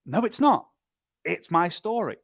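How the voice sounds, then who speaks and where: An energetic man delivers a motivational business talk, pressing his points through repetition and quick impressions. His voice sits somewhat high for a man. The sound is dry and close. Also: creaky, dry recording. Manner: energetic, emphatic, lively, with repetition and mimicry. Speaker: speaker and business trainer.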